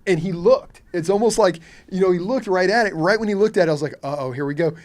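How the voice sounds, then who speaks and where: A man's voice: high voice, quick pace. A middle-aged man from Kentucky, a fishing captain, telling a story as a podcast guest and acting out his own reactions. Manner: animated, acts out his own reactions in quotes.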